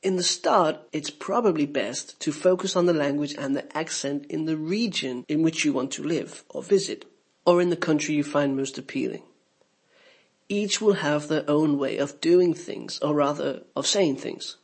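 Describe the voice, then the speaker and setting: A man narrating a scripted English lesson, explaining clearly and giving spoken examples. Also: on the high side, moderate pace. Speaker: English teacher.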